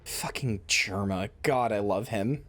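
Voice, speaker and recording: A man's voice: fairly low pitch, measured pace, fairly bright tone. A man streaming a game in casual commentary, rambling with many fillers and swearing into a headset mic.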